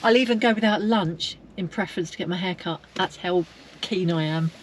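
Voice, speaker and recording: A woman's voice: lowish voice, brisk, slight background noise. Exasperated woman vlogging. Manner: exasperated, impatient. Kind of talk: casual travel vlog chat.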